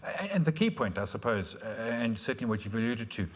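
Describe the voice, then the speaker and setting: A man's voice: medium pitch, big pitch swings, brisk, long reverb tail. Man hosting a panel. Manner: conversational, repeats words while thinking, summarizes points. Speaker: panel host. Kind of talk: conference panel discussion.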